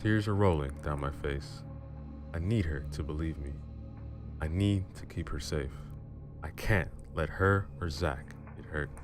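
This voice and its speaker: A male storyteller with an extremely low, booming voice reads a story in the first person, dramatic and measured. Music runs behind him throughout. He closes as the channel's host.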